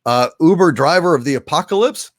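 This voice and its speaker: A man hosting a casual livestream, thanking viewers by name in a soft, halting way. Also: on the high side, expressive, no room sound, studio quality. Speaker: livestream host. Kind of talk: casual livestream chat, reading viewer donations.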